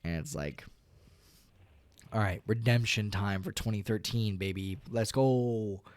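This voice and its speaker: A man streaming a game, talking casually and ranting with lots of swearing, dropping to low mutters and rising to loud outbursts. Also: measured pace, no room sound. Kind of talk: casual gaming stream chat.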